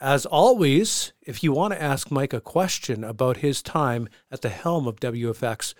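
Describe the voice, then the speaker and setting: A man's voice: mid-range voice, normal speed, dry recording, clean studio sound. A man hosting a podcast in casual chat, easygoing as he steers the conversation. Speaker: podcast host.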